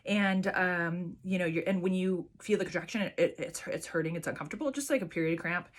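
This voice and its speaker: A woman's voice: lowish voice, brisk. A woman vlogger chatting casually to camera and telling a personal story with lots of fillers and restarts.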